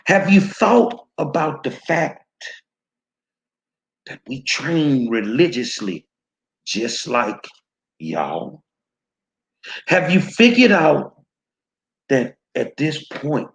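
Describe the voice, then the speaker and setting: A man hosting his own show who speaks slowly, in a higher-than-usual voice that swings widely in pitch. His commentary is angry, profane and confrontational, aimed straight at his viewers. He often repeats words as he pushes on. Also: sing-song, vocal fry. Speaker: show host. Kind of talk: heated commentary addressed to viewers.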